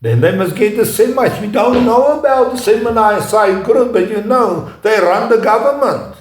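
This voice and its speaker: A man with a somewhat raised pitch lectures off the cuff, stopping often to search for words and restarting his sentences. His voice rings around a reverberant room. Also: expressive, a little hiss or hum. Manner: halting, with frequent "uh" pauses and restarts. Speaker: speaker giving a talk. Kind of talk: unscripted lecture. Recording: echoey room.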